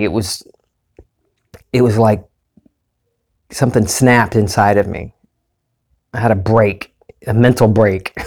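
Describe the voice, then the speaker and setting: A man's voice: fairly low pitch, darkish tone. A man giving a candid personal monologue as a self-help speaker, earnest and confessional, rambling with restarts.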